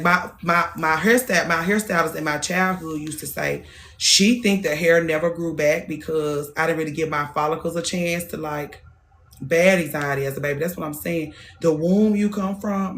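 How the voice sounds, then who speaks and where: A woman's voice: deep voice, a little fast, fairly bright tone, slight background noise. Woman in her thirties, hairstylist hosting her own show; blunt, profane, repeats herself for emphasis. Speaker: hairstylist and podcast host. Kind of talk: casual monologue.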